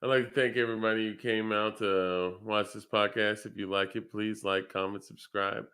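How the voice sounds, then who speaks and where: Man, podcast host, low-pitched, smooth voice, tired, easygoing. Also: level tone, moderate pace, fairly bright tone. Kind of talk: casual outro chat.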